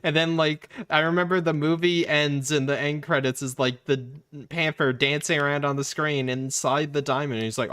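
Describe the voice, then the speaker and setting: A man's voice: a little high, little pitch movement, moderate pace, few pauses, a bit bright, clean tone. A man casually telling a long, rambling childhood story on a gaming livestream, with lots of restarts and acted-out quotes. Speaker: livestream host. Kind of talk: casual chat.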